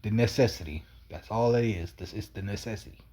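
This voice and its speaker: A man's voice: fairly low pitch, fairly quick, warm tone. A man in a rambling, wandering monologue, repeating himself and swearing casually. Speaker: cat feeder.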